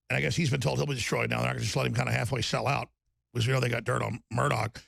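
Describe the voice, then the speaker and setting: Man, talk show host, gravelly voice, rapid delivery, combative. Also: medium pitch, fairly bright tone, no room sound, clean studio sound. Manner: emphatic, rambling, combative. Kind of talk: heated political talk show.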